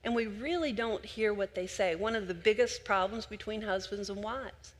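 Older woman preacher, chatty storytelling sermon, mid-pitched voice, long hall reverb. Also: moderate pace. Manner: warm conversational storytelling, addressing the congregation directly.

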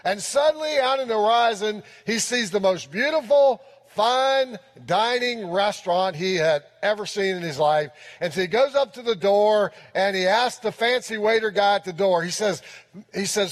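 A man's voice: high voice, moderate pace. A pastor preaching a sermon in church, emphatic and often repeating his key phrases. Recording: long reverb in a church hall.

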